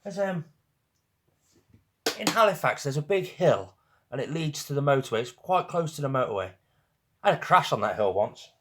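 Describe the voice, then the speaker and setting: With lively intonation and a medium pitch, this young man talks a little fast. Hailing from St Helens in northwest England and speaking with that accent, he hosts an easygoing stream, chatting, teasing, and laughing often with viewers.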